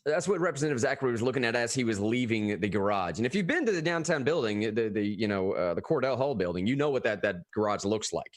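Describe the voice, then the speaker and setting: A man talking casually about politics as a podcast co-host, animated and often restarting his phrases. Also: mid-range voice, quick pace, hardly any pauses, no room sound.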